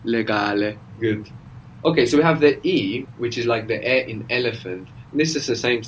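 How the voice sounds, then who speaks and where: A man's voice: medium pitch, a little fast, a little hiss or hum, poor audio. A man teaching a language in a recorded audio lesson, explaining patiently and often checking with a questioning "no?".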